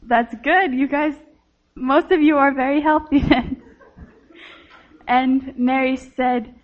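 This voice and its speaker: Speaking straight to the kids, a woman with a high voice gives a children's sermon in a gentle storytelling manner. She takes it slowly, leaving long pauses, and the recording sounds slightly dull and lo-fi.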